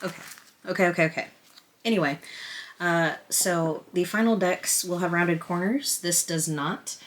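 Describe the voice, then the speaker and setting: A woman unboxing a tarot deck on camera at her table, excited, flustered and emotional, rambling with restarts. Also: fairly low pitch, normal speed. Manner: emotional, close to tears. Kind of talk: casual chatty unboxing. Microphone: camera on a stand at a table.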